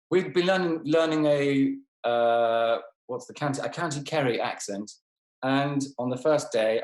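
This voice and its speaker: Rambling self-deprecating man, roomy sound. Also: mid-range voice. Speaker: actor guest. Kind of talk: casual interview over a call.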